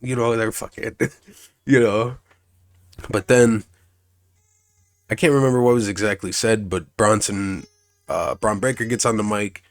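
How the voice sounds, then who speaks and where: A man's voice: lowish voice, fairly even intonation, unhurried, long pauses. A young man casually recapping wrestling shows, rambling, swearing, restarting sentences and acting out what others said.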